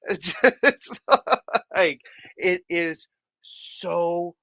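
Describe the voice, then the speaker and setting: Man, 30s, goofy livestream host; unhurried delivery, dry close sound. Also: high-pitched, no echo. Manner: goofy and excitable, laughs often, greets viewers by name. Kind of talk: casual livestream chat.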